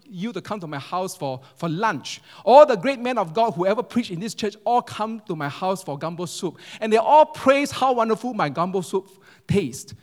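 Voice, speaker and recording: A man's voice: extremely high pitch, a little fast, few pauses, darkish tone, voice pushed up. A man voicing a proud, eager woman hostess who boasts of her cooking and pleads for praise, in a sermon story. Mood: gushing.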